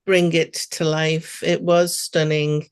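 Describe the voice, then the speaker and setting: Woman host, lowish voice, halting, dry close sound. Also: flat delivery, clean tone, no room sound. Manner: warm thanks, halting with fillers. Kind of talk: hosting a group call. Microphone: video call.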